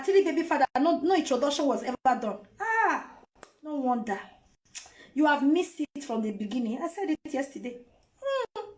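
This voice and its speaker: A high-voiced Nigerian woman reacts to a clip with theatrical mockery. She wails and laughs in a swooping, lively voice and takes her time. The room around her sounds echoey. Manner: theatrical, mocking, wailing and laughing. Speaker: reaction vlogger. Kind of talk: dramatic reaction commentary.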